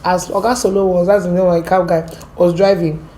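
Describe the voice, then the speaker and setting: A woman with an American accent, from Port Harcourt, telling her story as an interview guest in a lively, animated way. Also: fairly low pitch, a little fast. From Port Harcourt, Nigeria. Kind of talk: casual storytelling.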